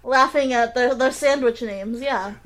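A woman's voice: a little high, measured pace, a bit bright. A woman co-hosting a casual film podcast, who gets set off laughing easily. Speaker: podcast co-host.

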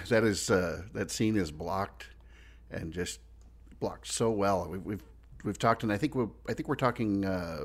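A man with a fairly low voice, co-hosting a relaxed talk about a TV episode. He speaks in a thoughtful, measured way. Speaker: podcast co-host. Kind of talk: casual discussion of an old TV episode.

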